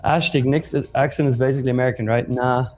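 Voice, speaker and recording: A man's voice: medium pitch, fairly even intonation, quick pace, a little mellow, soft background music. A man co-hosting a live stream, joking around, laughing and reading the chat aloud. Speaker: livestream co-host.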